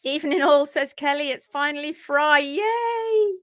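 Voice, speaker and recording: A woman's voice: high voice, expressive, normal speed, sharp tone. A woman hosting a casual livestream, chatting in a bubbly way and greeting viewers by name as she reads out their comments. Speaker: livestream host. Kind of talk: casual live chat, reading out viewer comments. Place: at home, based in France.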